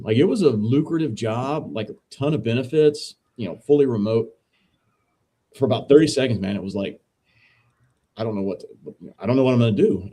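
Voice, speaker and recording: A man, a veteran and podcast co-host, casually telling a story as a guest in a relaxed, profane, dude-heavy way. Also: mid-range voice. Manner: laid-back, profane, says dude a lot.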